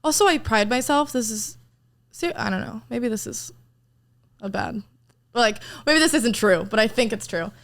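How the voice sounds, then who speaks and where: A woman's voice: on the high side, expressive, normal speed. Young girl, casual chat, rambles, swears a bit, lots of "like". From New Jersey, USA. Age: young adult. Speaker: podcast guest.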